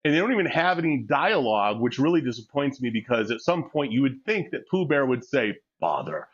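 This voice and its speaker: A man's voice: medium pitch, lively intonation, a little fast, breathy edge. A man in his forties chatting casually during a gym workout, crude and joking, laughing often as he tells stories. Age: 40s. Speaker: fitness vlogger. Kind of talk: casual chat between sets. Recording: dull lo-fi recording.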